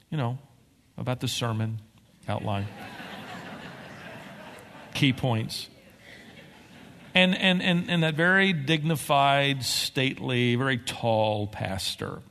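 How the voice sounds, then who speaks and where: A man preaching a sermon as pastor, telling stories with emphatic, animated delivery. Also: medium pitch, slow pace, gravelly, pauses often, long reverb tail, a little hiss or hum. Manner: animated storytelling, emphatic swings.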